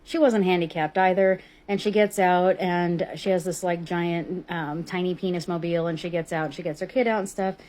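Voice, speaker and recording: A woman's voice: fairly low pitch, steady tone, normal speed, few pauses, darkish tone. A woman vlogger telling a story in a blunt, profane, indignant casual rant.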